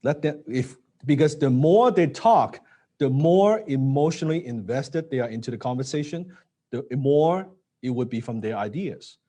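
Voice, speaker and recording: A man teaching a live sales training, blunt and casual, swearing now and then and dropping low to stress points. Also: expressive, normal speed, dark tone. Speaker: sales coach.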